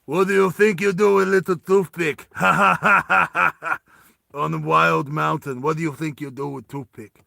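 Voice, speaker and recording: A man's voice: a little high, fairly even intonation, moderate pace, vocal fry, hardly any pauses, fairly bright tone, no room sound, clean studio sound. A man voicing a big, gnarly, scarred Russian soldier who taunts in broken English with a put-on Russian accent. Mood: mocking.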